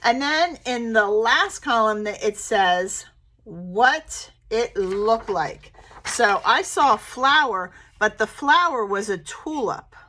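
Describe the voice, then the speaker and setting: A preschool teacher woman speaking slowly and clearly to small children. Her voice sits fairly high and swoops up and down in a lively, sing-song way. She moves between teaching and reading a picture book aloud. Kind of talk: remote lesson and picture-book read-aloud for young children.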